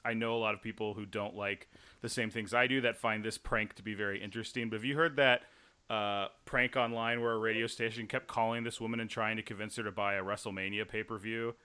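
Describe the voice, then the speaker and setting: A man from Dallas, co-hosting a podcast in casual chat, animated as he retells stories. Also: lowish voice, quick pace, clean tone. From Dallas, Texas. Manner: animated, acts out quotes. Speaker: podcast co-host.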